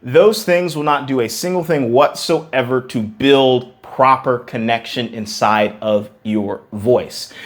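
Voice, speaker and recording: Emphatic male vocal coach. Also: mid-range voice. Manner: emphatic, repeats words for stress; breaks into sung demonstrations. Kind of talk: singing lesson to camera.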